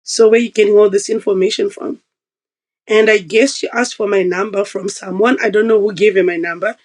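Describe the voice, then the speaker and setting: A woman guest on a podcast, telling a personal story in a casual, animated way and acting out the voices of the people she quotes. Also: mid-range voice, a little fast, low-quality recording.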